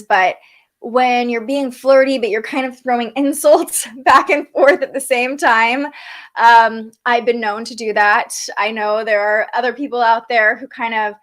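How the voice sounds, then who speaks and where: A woman's voice: on the high side, a bit bright. A young woman giving a casual astrology forecast, chatty, with frequent fillers and restarts. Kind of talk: casual livestream talk.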